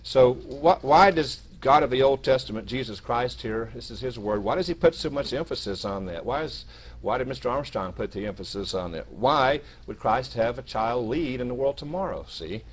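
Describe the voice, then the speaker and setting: Male minister, mid-pitched, short sermon with scripture read aloud with emphasis, faint noise under the voice. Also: expressive, normal speed. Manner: reads scripture with rising emphasis, many small restarts.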